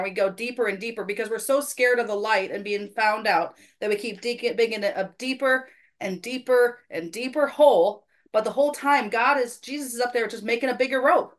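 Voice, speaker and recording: A woman hosting a faith podcast, telling a personal church story in casual conversation, earnest and self-deprecating. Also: on the high side.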